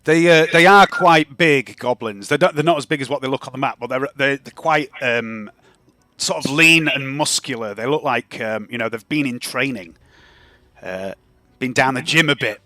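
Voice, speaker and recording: A man's voice: mid-range voice, moderate pace, sharp tone, no echo. A man narrating as game master of a tabletop game, rambling with frequent hesitations and restarts.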